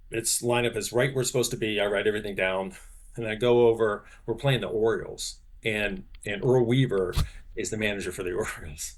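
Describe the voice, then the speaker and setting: A man in his sixties, a sports business executive, telling stories as a podcast guest, animated and full of fillers and restarts. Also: lowish voice. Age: 60s. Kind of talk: podcast interview, anecdote telling.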